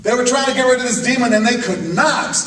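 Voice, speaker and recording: A man, a pastor, preaching a sermon with call-and-response, swinging from loud outbursts to hushed questions. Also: very high voice, quick pace, crowd noise. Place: church chapel. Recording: echoey room picked up from a distance.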